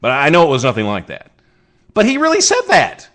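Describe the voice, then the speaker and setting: This is a brisk, slightly bright mid-range male voice whose pitch swoops wildly. He's a U.S. podcast host doing casual comedic news commentary, mocking odd stories with meandering asides and false starts.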